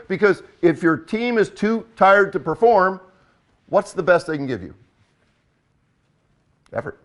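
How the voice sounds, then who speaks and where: A man's voice: high-pitched, lively intonation, a little slow, pauses often, fairly bright tone. An older man and football coach giving a blunt, emphatic talk, repeating key points for effect.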